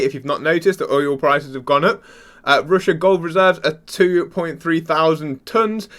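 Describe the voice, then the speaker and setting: Excitable man on crypto vlog. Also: on the high side. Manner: rambling, restarts sentences, searches for words. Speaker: crypto channel host. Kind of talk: casual excited commentary to camera.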